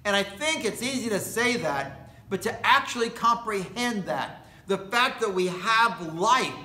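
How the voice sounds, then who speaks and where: A pastor preaching a sermon, slow and deliberate, with long pauses and emphatic repetition of key words. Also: male voice, high-pitched, bright, forceful tone, echoey room. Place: indoor worship space at a retirement community.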